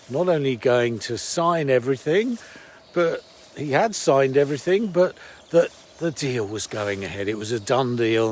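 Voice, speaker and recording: A man who coaches sales, giving a reflective storytelling talk in a measured way that trails off softly at the ends of phrases. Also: medium pitch, slight background noise.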